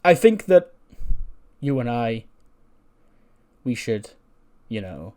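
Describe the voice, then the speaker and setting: Stammering lovesick young wrestler, a man doing the voice, flustered, mid-pitched, game let's-play. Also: big pitch swings, takes it slowly, a little mellow.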